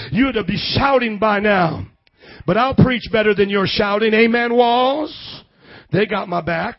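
A man preaching a lively sermon in a church, shifting between loud shouts and quiet passages. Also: high voice, measured pace, no echo, dull audio. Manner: energetic, swings from shouting to hushed. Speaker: pastor.

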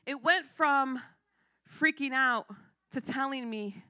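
A woman giving a sermon testimony, swinging from a hushed near-whisper to loud, emphatic preaching with lots of repetition. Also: high voice, takes it slowly, smooth, dry recording, clean studio sound. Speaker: church speaker giving testimony.

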